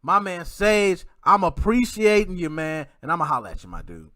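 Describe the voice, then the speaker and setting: Male livestream host, lively swooping slang talk, reading chat aloud. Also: high voice, moderate pace. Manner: animated slangy shout-outs, reads chat comments. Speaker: podcast host. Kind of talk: casual livestream podcast chat.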